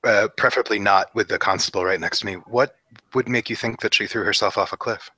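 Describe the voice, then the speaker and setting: A man's voice: fairly low pitch, fast talker, sharp tone, husky, no room sound. A man playing a tabletop game in character, speaking politely and formally with some hesitation. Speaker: player. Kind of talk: in-character tabletop role-play.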